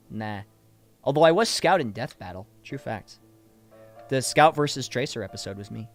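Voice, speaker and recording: Chatty man with lively pitch. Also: faint music behind. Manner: chatty, animated, laughs easily, swears casually; demonstrates voices with quick shifts. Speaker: voice actor and streamer. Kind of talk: casual livestream chat answering viewer questions.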